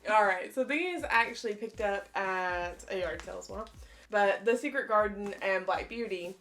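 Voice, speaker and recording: A woman's voice: medium pitch, moderate pace, fairly bright tone. A woman co-hosting a casual collecting video, chatty and enthusiastic, often saying "like". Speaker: co-host. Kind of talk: casual collection show-and-tell.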